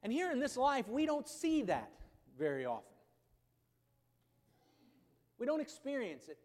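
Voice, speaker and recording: A man preaching a sermon as pastor, who swings between loud, emphatic proclamation and quiet, conversational asides. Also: extremely high pitch, huge pitch swings, unhurried. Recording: long reverb of a church hall.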